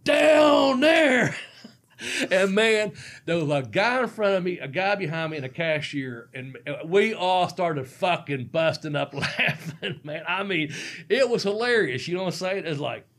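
A man's voice: fairly high pitch, lively intonation, moderate pace, fairly bright tone. A middle-aged man, a former pro wrestler, telling a rambling, profane story and laughing often. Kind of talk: casual storytelling.

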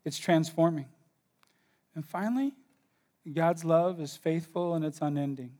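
A man preaching a sermon with passion, rising to loud bursts and dropping to hushed, quiet lines. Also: a little high, measured pace. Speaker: pastor.

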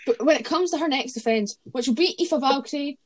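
A woman's voice: high-pitched, brisk. A woman co-hosting a casual podcast chat, opinionated and rambling, often correcting herself mid-sentence. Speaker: podcast co-host. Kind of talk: casual wrestling review chat.

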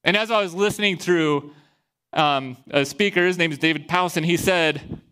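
A pastor from Iowa, a man giving a sermon and telling a personal story in a lively way, acting out the voices he quotes. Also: a little high, moderate pace, clear, resonant tone. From Iowa, USA.

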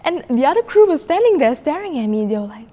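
A woman's voice: sits high, fast talker. Chatty woman, constant "like"s. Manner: animated retelling, heavy filler "like", frequent laughter. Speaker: podcast guest. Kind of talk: casual conversational storytelling.

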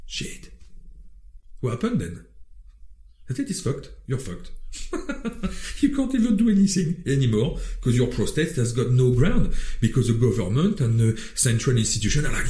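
Animated Frenchman with a mellow voice. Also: medium pitch, normal speed. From France. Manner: animated, swearing, wandering restarts. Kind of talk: casual opinionated chat. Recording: roomy echo.

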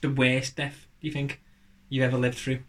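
A man's voice: mid-range voice, completely flat delivery, moderate pace. A man chatting on a podcast, rambling and joking with lots of fillers and restarts. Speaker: podcast co-host. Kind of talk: casual chat.

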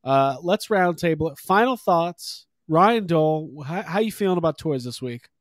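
A man's voice: fairly high pitch, animated, moderate pace, dry recording, studio quality. A man hosting a casual podcast chat, jokey and leading the conversation. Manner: jokey, leads the segments. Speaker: podcast host.

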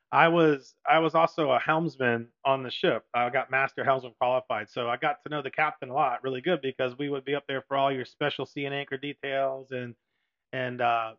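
A man's voice: mid-range voice, fairly bright tone. A male podcast co-host and Navy veteran telling a rambling story with frequent laughs and filler words. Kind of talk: casual storytelling. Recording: dull lo-fi recording.

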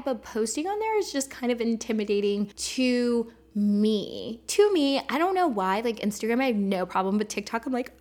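A young woman in her twenties hosting her own podcast, chatting casually and bubbly, with lots of "like". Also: fairly high pitch. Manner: chatty, bubbly, heavy use of "like". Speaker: podcast host. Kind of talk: casual solo podcast chat.

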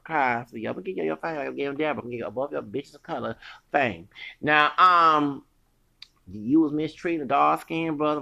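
A man's voice: medium pitch, gravelly, bright, forceful tone. A man hosting a podcast, delivering a heated, profane, rambling solo rant full of restarts.

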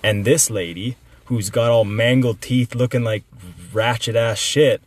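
A man's voice: mid-range voice, steady tone, unhurried, slightly rough, no room sound. A young man in casual podcast chat, talking with emphasis, swearing freely and using lots of fillers. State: recovering from illness.

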